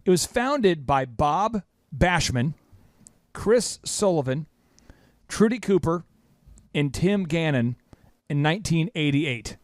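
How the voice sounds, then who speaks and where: A man's voice: a little high, lively intonation, takes it slowly, long pauses, dry recording, clean studio sound. A man hosting a business podcast, talking emphatically and repeating lines for punch. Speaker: podcast host. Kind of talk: energetic business podcast talk.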